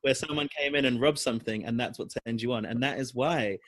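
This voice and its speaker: A man's voice: mid-range voice, brisk, a bit bright, dry recording. A man co-hosting a podcast in casual chat, teasing, joking and laughing often. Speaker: podcast co-host.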